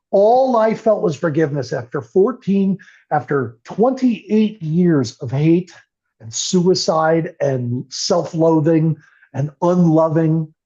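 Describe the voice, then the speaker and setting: On a podcast, an older guest with a dark-toned voice on the high side recounts his recovery in an earnest, emotional interview, heard through muffled, lo-fi audio.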